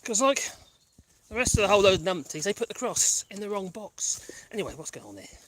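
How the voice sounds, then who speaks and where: Man, high voice, very lively pitch, rambling, wry asides, casual outdoor chat, small phone mic. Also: fairly quick. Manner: rambling, wry, easily sidetracked. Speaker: vlogger. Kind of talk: casual chat while walking dogs. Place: outdoors in the countryside.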